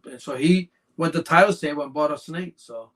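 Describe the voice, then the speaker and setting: A podcast guest who breeds snakes chats casually, telling long, wandering stories full of "you know" fillers. His voice runs a little fast, sits on the high side, and sounds somewhat bright.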